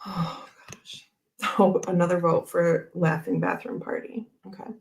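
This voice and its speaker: Chatty woman with a lowish voice. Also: little pitch movement, a little slow, gravelly, darkish tone. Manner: chatty, rambling, laughs often. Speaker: tarot livestream host. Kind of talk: casual chat while handling cards.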